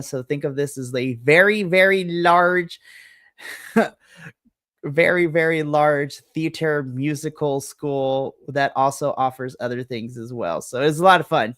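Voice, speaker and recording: A woman's voice: a bass voice, no echo, studio quality. A woman game master narrating a tabletop role-playing game, chatty and full of laughs. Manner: chatty, laughs often, uses like a lot.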